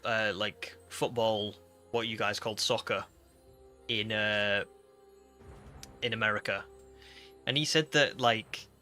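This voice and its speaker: A man's voice: mid-range voice, sharp tone. Chatty British man streaming. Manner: chatty, reads chat aloud, rambling with fillers. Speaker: game streamer. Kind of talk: casual live-stream chat.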